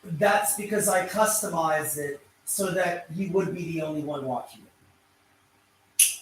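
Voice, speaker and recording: A man recording his own vlog who repeats himself, pleads again and again, and talks in grand terms. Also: sits high. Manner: repeats words, pleads over and over, grand wording. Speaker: YouTube vlogger. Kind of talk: self-narrated vlog, arguing off camera. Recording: roomy sound, mic far from the speaker.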